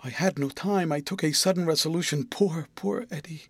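A man reading a timid, tearful young woman, quiet and shaken. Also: on the high side, a little fast, breathy edge, dry recording.

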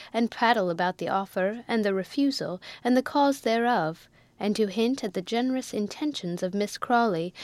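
A woman narrating a classic novel in a measured, even storytelling manner, close to the mic. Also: mid-range voice, no room sound. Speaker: audiobook narrator.

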